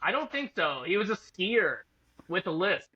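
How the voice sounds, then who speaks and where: A man's voice: high-pitched, sing-song, moderate pace, muffled recording, noisy background. A man co-hosting a podcast, chiming in with short teasing remarks in casual chat. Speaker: podcast co-host.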